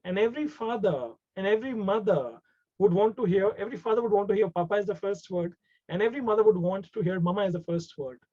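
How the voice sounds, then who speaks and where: A man's voice: high voice, lively intonation, fast talker, warm tone. A man with an Indian English accent tells a story during a webinar. He speaks in a conversational way, repeats words, and slips into Hindi. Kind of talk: storytelling talk. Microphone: video call. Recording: dull lo-fi video call audio.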